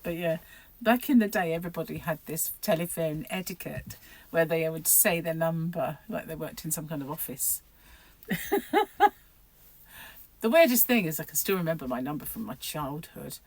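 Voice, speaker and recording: Chatty woman, low voice. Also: moderate pace, darkish tone, no echo. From United Kingdom. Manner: rambling, chatty, laughs often. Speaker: crochet vlogger. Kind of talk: casual chat to camera.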